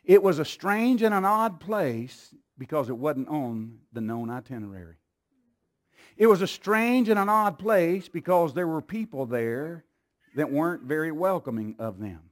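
A man preaching a sermon in a church, moving from calm storytelling to loud, fervent repeated calls to the congregation. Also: on the high side, unhurried. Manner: builds from calm storytelling to shouting fervor, repetitive calls.

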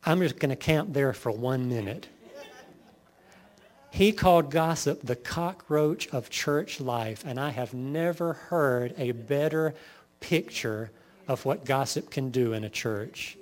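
A man preaching a sermon, firing off lists and rhetorical questions to his congregation. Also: medium pitch. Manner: lively preaching, lists sins in rapid bursts, rhetorical questions. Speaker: pastor.

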